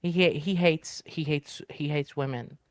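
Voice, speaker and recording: A woman guest talking emphatically in a casual interview, tossing in slang like bro. Her voice sits fairly low for a woman and sounds dry and close, with no room around it. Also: fairly even intonation, measured pace, no echo. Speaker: guest, online streamer.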